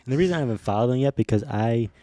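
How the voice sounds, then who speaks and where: A man hosting a podcast in relaxed casual chat, often restarting his sentences. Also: mid-range voice, rapid-fire, no echo, studio quality. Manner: laid-back, hesitant restarts, frequent backchannel. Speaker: podcast host.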